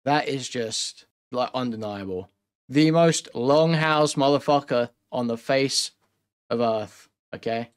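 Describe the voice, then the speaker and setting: A male commentary host mocks the stream clip he is playing, throwing in sarcastic asides. His voice is mid-pitched and relaxed, with a casual, off-the-cuff delivery. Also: slow pace, clean tone.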